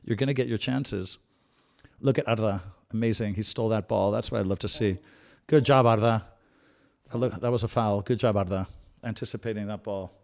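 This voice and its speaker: A man's voice: fairly low pitch, brisk, vocal fry. Chatty man giving live fan commentary. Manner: calm tactical analysis with sudden excited outbursts; chatty, repeats himself and restarts phrases. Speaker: host of a live match watch-along.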